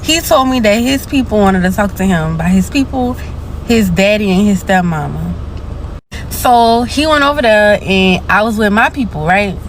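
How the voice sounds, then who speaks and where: A woman's voice: medium pitch, lively intonation, moderate pace, a little hiss or hum. Blunt woman. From New Orleans, USA. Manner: blunt, casual, slangy. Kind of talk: personal storytime monologue.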